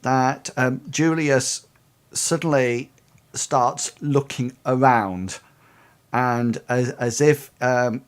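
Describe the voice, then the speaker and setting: Man narrating a tabletop game as game master, slow and halting. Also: mid-range voice, clean tone. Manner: hesitant, many ums and restarts.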